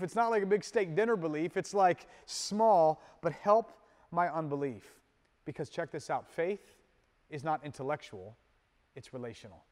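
A man preaching a sermon as pastor, moving between loud emphatic peaks and soft, low asides in a conversational manner with casual fillers. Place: church sanctuary. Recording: long hall reverb.

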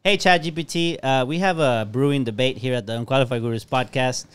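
A man co-hosting a podcast in casual chat, talking quickly and often restarting his sentences. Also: medium pitch, fairly bright tone, clear, resonant tone, no echo. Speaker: podcast co-host.

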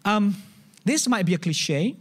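A man with an Indonesian accent delivers a church sermon in an animated, chatty way. His voice sits high for a man, and he often restarts phrases and acts out little scenes to make his point. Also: unhurried, breathy edge. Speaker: pastor. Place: church service.

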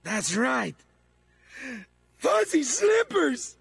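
An actor voicing a manic, melodramatic male mad-scientist henchman in a video game, with a raspy, theatrical delivery that swings between wheedling and raging. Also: very animated, slow pace, a bit bright, no room sound, heavily acted. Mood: fretful. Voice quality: raspy, high-strung, theatrical. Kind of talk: video game character voice acting.

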